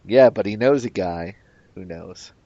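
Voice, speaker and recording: A man with a lowish voice on a casual podcast, talking very slowly. He rambles and hesitates, leaning on fillers. The sound is dull and dry. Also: vocal fry, mellow, dry recording. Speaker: podcast co-host.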